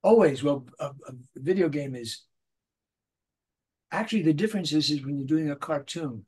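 A man's voice: on the high side, normal speed, husky. An older man, a voice actor guest, chatting in an interview and acting out little voices as he tells stories. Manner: animated storyteller, acts out little voices in anecdotes. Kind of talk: casual interview.

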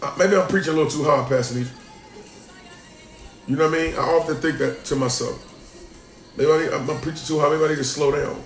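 Male pastor, high voice, emphatic sermon delivery with loud and hushed swings, roomy sound. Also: fast talker, pauses often, faint music behind.

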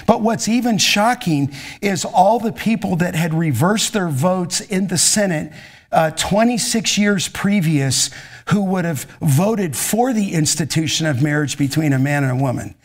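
An intense, emphatic middle-aged male pastor who preaches to students and then fields their questions. His voice sits somewhat high for a man. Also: expressive, unhurried.

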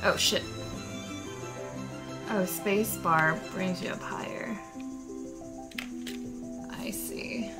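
A woman's voice: medium pitch, extremely slow, pauses often. Young woman streaming a cozy game, playful, swears a bit, game music behind her. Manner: playful, swears, squeals at cute things. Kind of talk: casual gameplay commentary.

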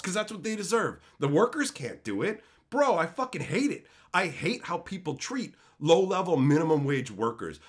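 Bright, lively, profane ranting man. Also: a little high, a little fast, hardly any pauses. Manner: profane, blunt, heated ranting. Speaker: streamer. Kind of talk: casual livestream rant, reading chat.

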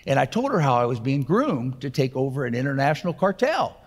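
A man's voice: medium pitch, big pitch swings, fairly quick. A man in his sixties giving a keynote, telling a personal testimony in an earnest, conversational way. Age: 60s. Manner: earnest, conversational retelling with fillers. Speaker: keynote speaker. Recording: reverberant hall.

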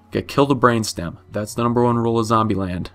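Host type: offhand, swearing man with a fry-edged voice, comic recap delivery. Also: medium pitch, fast talker, soft background music. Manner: flippant, profane, rambling with self-corrections. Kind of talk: casual comedic recap.

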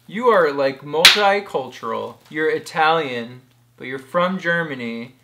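A woman's voice: low-pitched, lively intonation, a little slow, heavy background noise. A woman in a casual home vlog, chatting and joking as she opens and reads fan mail aloud. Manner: playful, jokey, reads labels aloud. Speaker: vlogger opening fan mail. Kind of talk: casual chat.

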